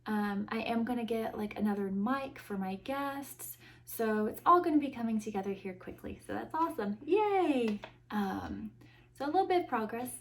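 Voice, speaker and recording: A young American woman hosts her own podcast, chatting solo in a rambling, casual way full of dry, self-mocking sarcasm. Her voice is fairly high, recorded on an iPhone with slight background noise.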